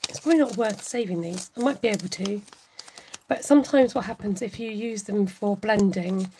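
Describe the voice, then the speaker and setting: A woman hosting a casual livestream craft tutorial, chatting warmly with viewers and laughing often. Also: mid-range voice, moderate pace, slight background noise, low-quality recording. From United Kingdom. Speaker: craft channel host.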